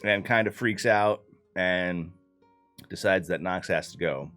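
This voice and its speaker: A man's voice: deep voice, unhurried, fairly bright tone, soft background music. A man loosely recapping a tabletop game session in casual, profane talk full of fillers. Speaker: player recapping the campaign.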